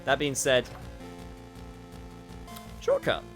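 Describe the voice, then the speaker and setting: A streamer with a mid-range, fairly bright voice draws out his words while casually commenting on the game he's playing. He's chatty, talks to chat and swears now and then, with faint game music behind him.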